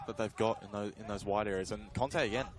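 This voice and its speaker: A man providing colour commentary on a live football match, talking through the play in a conversational, analytical way, with fillers and quick self-corrections. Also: fairly low pitch, heavy background noise.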